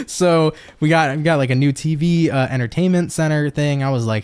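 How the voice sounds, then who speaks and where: A man's voice: a little high, moderate pace, a little mellow. A young man giving a casual tarot reading from his home office, laid-back and swearing freely, with frequent laughs. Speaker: tarot reader.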